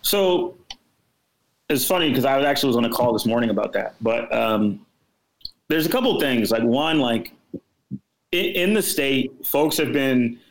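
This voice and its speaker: A man from Houston, Texas, guest on a political podcast, talking in a casual, animated and emphatic way. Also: mid-range voice, normal speed, pauses often, low-quality recording.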